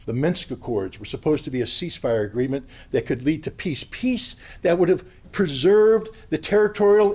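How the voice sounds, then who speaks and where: A man giving an impassioned, blunt political speech at a convention, sometimes rising to a yell. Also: high-pitched. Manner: blunt, combative, rising to yelling. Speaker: convention speaker. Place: convention hall.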